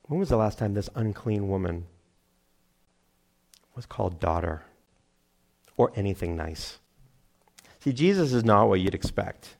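A middle-aged man preaching a sermon, animated, acting out crowd voices and laughing at himself. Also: lowish voice, a little slow, creaky, long pauses. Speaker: pastor.

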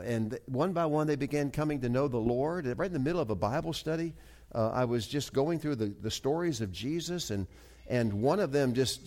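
A pastor delivers a sermon, his voice sitting at a medium pitch as he earnestly tells a story. He often halts and restarts, moving between quiet asides and emphatic rises.

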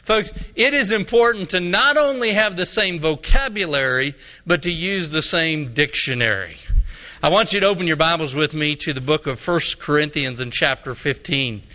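Male pastor from Colorado, high bright voice, folksy storytelling sermon. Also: normal speed. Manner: folksy storyteller, acting out both sides of a dialogue.

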